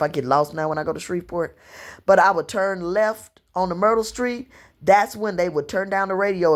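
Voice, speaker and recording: A woman in her fifties from Louisiana with a Southern accent, telling long personal stories to camera in an unhurried, rambling way. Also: lowish voice. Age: 50s. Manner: unhurried storytelling, drawn-out phrasing, slips into dialect and quoted voices. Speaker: vlogger.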